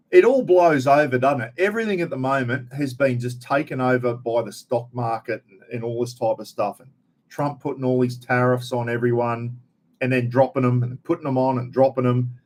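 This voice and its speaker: A man's voice: medium pitch, darkish tone. A middle-aged Australian man hosting a casual live chat, talking in a rambling, blokey, slangy way straight to his viewers. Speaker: live stream host.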